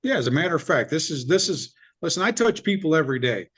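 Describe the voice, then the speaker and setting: A middle-aged man telling his business story in an interview, in a blunt, animated way with some swearing. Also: fairly high pitch, fast, slightly rough. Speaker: business owner guest.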